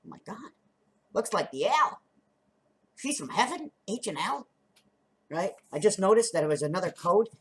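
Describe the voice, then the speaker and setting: A woman's voice: lowish voice, breathy edge. A woman vlogger talking in a rambling, free-associating monologue, laughing often and counting out numbers and letters as she sketches.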